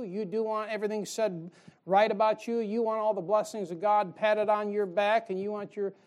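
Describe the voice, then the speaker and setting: A man's voice: high voice, darkish tone. A male pastor preaching a sermon in a folksy way, firing rhetorical questions at his congregation.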